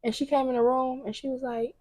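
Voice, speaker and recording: Young woman host, slightly high voice, lively storyteller, casual podcast chat. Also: fast talker. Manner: animated storytelling, acting out quotes.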